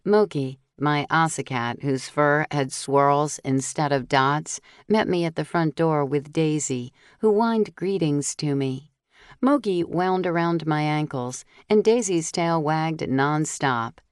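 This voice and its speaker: A woman reading a first-person mystery audiobook, telling the story steadily and clearly while voicing the dialogue. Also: sits low, takes it slowly, no echo, studio quality. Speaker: audiobook narrator.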